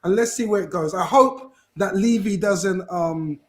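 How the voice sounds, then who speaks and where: Animated high-voiced man chatting football. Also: unhurried. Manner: rambling, animated, many restarts and fillers. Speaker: podcast guest, football fan. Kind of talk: casual chat.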